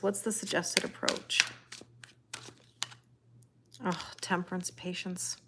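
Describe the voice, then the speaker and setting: Woman, tarot reader, live-stream chat, rambling, laughs a lot, mid-pitched voice. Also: a little hiss or hum. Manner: chatty, rambling, laughs often. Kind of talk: live-stream chat reading viewer comments.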